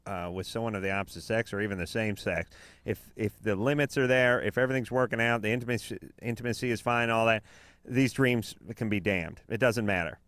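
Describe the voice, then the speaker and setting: A man hosting a late-night call-in radio show, talking in a rambling, halting way full of fillers and restarts. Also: lowish voice, fairly even intonation, fairly bright tone, no echo.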